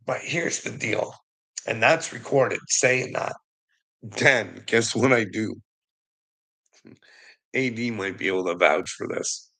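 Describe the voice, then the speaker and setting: A man in a profane, emotional rant who swears constantly, laughs between lines and swings from low muttering to shouting. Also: takes it slowly, gravelly, pauses often, poor audio.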